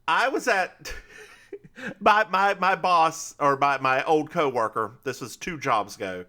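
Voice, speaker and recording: Animated, bright-voiced male podcast co-host. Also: a little high. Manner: animated, laughing, quick asides. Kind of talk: casual chat recapping a TV episode.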